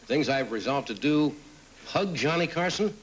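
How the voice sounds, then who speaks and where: This middle-aged late-night host has a slightly high voice and speaks at normal speed with animation. He reads audience cards out loud and pokes fun at them with wry quips, captured in a low-quality old TV broadcast full of audience laughter.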